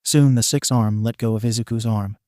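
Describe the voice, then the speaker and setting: A man narrates a fan fiction story in a plain, steady reading voice. His pitch sits in the middle range, and the recording is dry and close with no room sound. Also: a little fast, no echo.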